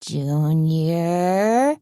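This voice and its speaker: A woman's voice: lowish voice, lively intonation, moderate pace, a little mellow, no echo, studio quality, pitched above the performer's own voice, close to an everyday voice. Woman doing a bossy, exasperated wife. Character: brash anxious woman scolding her husband.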